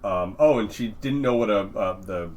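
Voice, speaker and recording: A man's voice: on the low side, moderate pace. A man hosting a podcast in casual chat, rambling and swearing, often laughing, with faint noise behind him. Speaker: podcast host.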